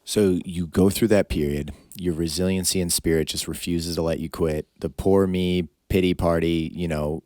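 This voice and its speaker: Deep-voiced man hosting an interview. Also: fairly even intonation, normal speed, few pauses, a little mellow, no room sound, studio quality. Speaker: podcast host and coach. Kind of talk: interview recap.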